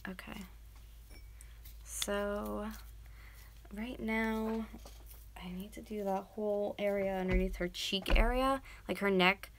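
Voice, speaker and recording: A woman's voice: medium pitch, fairly even intonation, takes it slowly, pauses often, background noise. A woman in her twenties chatting casually to viewers while she sculpts, rambling and dropping into whispers as she works. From North America. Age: 20s. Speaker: YouTuber.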